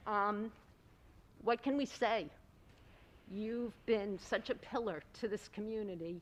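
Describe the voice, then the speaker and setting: A woman's voice: medium pitch, takes it slowly, pauses often, slight background noise. A woman speaking as a town councilwoman at a board meeting, giving a heartfelt, personal tribute, laughing often and close to tears. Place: school board meeting room.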